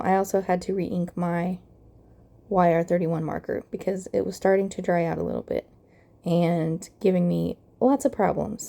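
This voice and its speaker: This young adult woman's low-leaning voice carries vocal fry, roughened by the early morning, as she calmly walks through a card-making craft tutorial step by step in voice-over.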